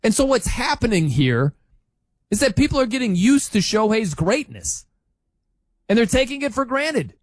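A man hosting a sports talk show, arguing his point in an incredulous, animated rant with laughs between points. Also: very high voice, normal speed, dry recording, rough recording.

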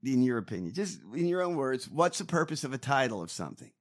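A man's voice: mid-range voice, very animated, fast. A man co-hosting a podcast, ranting and mocking in casual, profane political banter. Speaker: podcast co-host.

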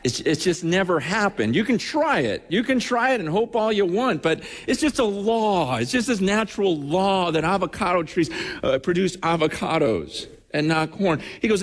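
A man's voice: sits high, expressive, moderate pace. A man preaching a sermon as pastor, emphatic, with repeated restarts and acted-out quotes, recorded in a church hall. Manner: emphatic, repetitive restarts, acts out quoted voices. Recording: long reverb from a hall.

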